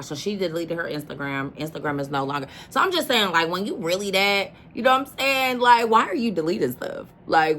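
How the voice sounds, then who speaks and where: A woman's voice: low voice, sharp tone, slight background noise. A woman hosting a reaction video, talking casually and emphatically, often addressing the listener as "baby.".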